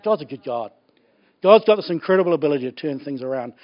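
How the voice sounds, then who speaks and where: A man preaching a sermon in an animated, joking way, laughing often. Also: a little high, fast talker, faint music behind. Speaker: pastor. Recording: dull lo-fi recording.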